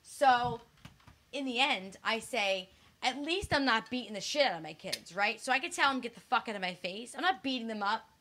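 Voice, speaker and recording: A woman's voice: on the high side, lively intonation, moderate pace, pushed and bright, a little hiss or hum. A woman in her forties, co-hosting a casual chat, blunt and frank, swearing freely. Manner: frank, restless, many restarts. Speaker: podcast co-host.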